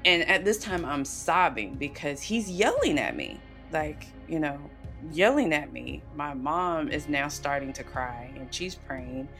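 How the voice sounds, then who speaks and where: A woman's voice: low-pitched, very animated, a little slow, few pauses, fairly bright tone, soft background music. A woman on a podcast telling a personal story in an earnest, emotional way, with lots of "you know" and "like". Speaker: podcast guest.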